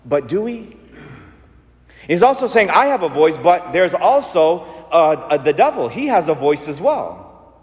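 A man preaching a sermon in a conversational, animated way, asking his listeners questions. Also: a little high, a little slow. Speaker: priest. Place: church. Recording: long church reverb.

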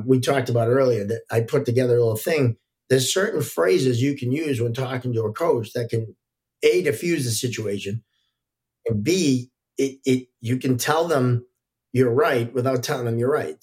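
Man telling relaxed referee stories. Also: mid-range voice. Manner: relaxed, anecdotal, frequent fillers. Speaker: hockey referee and guest. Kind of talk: casual podcast storytelling.

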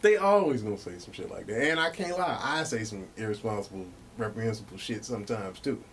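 Animated, profane male podcast host. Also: fairly low pitch, a little fast, slight background noise. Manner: animated and profane, with lots of fillers. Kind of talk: casual podcast storytelling.

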